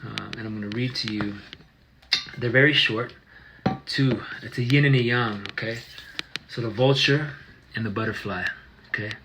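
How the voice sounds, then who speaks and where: A man teaching casually on a livestream, easygoing and affectionate, with soft phrase endings and hesitant restarts. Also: lowish voice, moderate pace, pauses often, noisy background. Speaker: qigong teacher.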